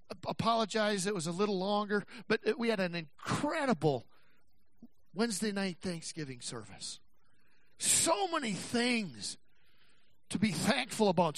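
A man with a very high, bright voice preaches to his church, his pitch leaping around. He swings from shouting to quiet, dragging out his words slowly for emphasis. The sound is dry and close. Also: no room sound. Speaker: pastor. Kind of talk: sermon.

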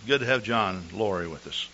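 A man preaching a Sunday morning sermon, telling stories and clearing his throat often. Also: lowish voice, pushed and bright, slight background noise. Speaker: pastor. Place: church service. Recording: dull lo-fi recording.

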